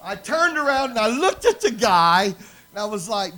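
A man's voice: sits high, big pitch swings, moderate pace, sharp tone. A man preaching, telling a story animatedly and acting out the dialogue. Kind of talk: sermon storytelling.

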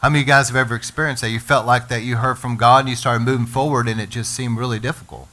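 A man preaching a sermon to his congregation, energetic and calling on the listeners to respond. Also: mid-range voice, racing. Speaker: pastor.

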